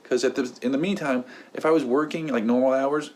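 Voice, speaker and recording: A man's voice: mid-range voice, fairly even intonation, a little fast. A young man hosting his own channel, telling a long rambling story in a casual unboxing vlog. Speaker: host.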